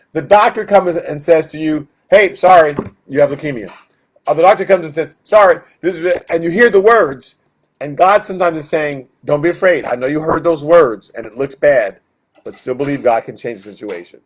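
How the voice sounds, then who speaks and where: A man leading a Bible study, teaching in a conversational way, with lots of fillers, who acts out the voices in the stories he retells. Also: on the high side.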